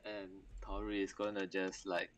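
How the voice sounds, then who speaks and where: A man playing a tabletop game, speaking in an unhurried way and laughing often. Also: sits low, little pitch movement, a bit bright. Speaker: player. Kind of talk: casual tabletop game play.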